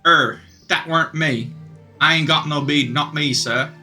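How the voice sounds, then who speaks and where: A shifty little imp demon with a put-on British accent, dodging every question, as a man reads him out. The voice is bright and forceful, with faint music behind it. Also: on the high side, measured pace. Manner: evasive, shifty denials.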